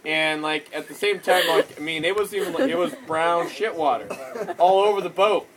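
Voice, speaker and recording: A man telling a funny anecdote to friends in casual chat, animated and laughing through his words. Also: a little high, normal speed. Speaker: storyteller. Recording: loud crowd chatter behind.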